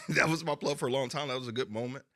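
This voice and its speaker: A man's voice: mid-range voice, fairly even intonation, fast talker, sharp tone. A man co-hosting a podcast who tells loose, laughing stories in casual chat. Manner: loose, laughing storyteller who acts out other people's voices. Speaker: podcast co-host.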